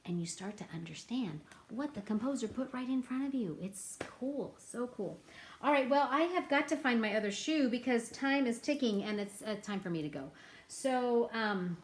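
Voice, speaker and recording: A woman teaching a children's music lesson, playful and animated with a sing-song delivery. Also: on the high side, normal speed.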